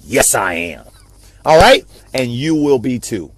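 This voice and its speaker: A man's voice: mid-range voice, sing-song, unhurried, noisy background. A man giving a passionate, repetitive motivational talk on a live video stream, like a preacher. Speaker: network marketing speaker.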